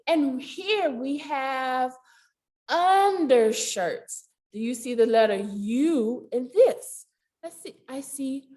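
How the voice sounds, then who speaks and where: A woman reading a picture book aloud at a library storytime, animated and sing-song, with playful animal sound effects. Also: high voice. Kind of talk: children's storytime read-aloud. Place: public library.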